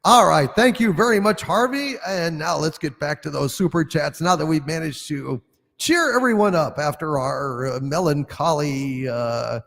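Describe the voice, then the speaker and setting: A man hosting a live-streamed show, reading viewer super chats in a rambling, chuckling way with drawn-out fillers. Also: fairly high pitch, expressive, gravelly, fairly bright tone, no room sound, clean studio sound.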